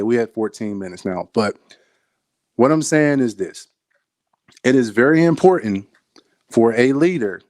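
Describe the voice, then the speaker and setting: A man gives a motivational talk straight to camera in a dry, close recording. He leans on emphatic repeated phrases and keeps addressing the viewer directly. His pitch sits in a middle range. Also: dry recording. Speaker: soldier giving motivational talks.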